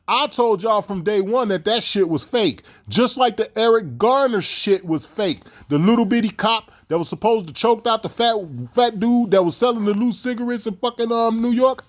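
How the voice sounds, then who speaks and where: A man ranting in a heated, profane, repetitive way. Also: high-pitched. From Chicago. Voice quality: fast, heated, repetitive delivery. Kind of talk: profane conspiracy rant.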